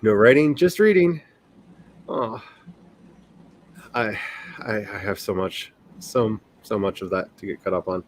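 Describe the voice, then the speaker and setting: A man's voice: fairly low pitch, measured pace, pauses often, slight background noise. A man in his forties chatting casually on a livestream, rambling along, reading his chat and laughing often. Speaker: livestream host, writer.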